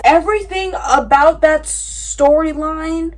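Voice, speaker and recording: High-voiced woman ranting in a reading vlog. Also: unhurried. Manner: animated, exasperated, ranting; swings between loud outbursts and tired mumbling. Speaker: book vlogger. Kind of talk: casual reading vlog reaction.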